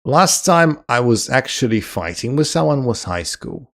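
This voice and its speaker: A man streaming live and chatting casually with his viewers, reading their comments aloud and answering them. His voice sits at an ordinary pitch with a gravelly, creaky texture. He jokes around and laughs often. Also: sing-song, measured pace, fairly bright tone. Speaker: chess streamer.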